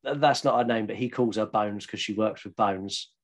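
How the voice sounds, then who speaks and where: A man's voice: on the low side, moderate pace. A young Englishman co-hosting a podcast, rambling and jokey in casual chat and swearing freely. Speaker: podcast co-host.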